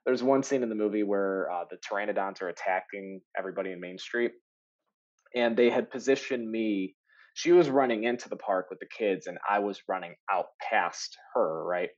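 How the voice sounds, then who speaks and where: Man, casual podcast guest, low voice, animated anecdotes, dull recording. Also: normal speed. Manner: animated storyteller, laughs often, many fillers. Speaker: actor guest.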